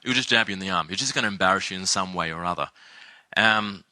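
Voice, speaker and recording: A man's voice: low-pitched, quick pace, bright, forceful tone, dry recording. A man giving a seminar talk, telling a story and acting out the quotes. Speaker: seminar speaker.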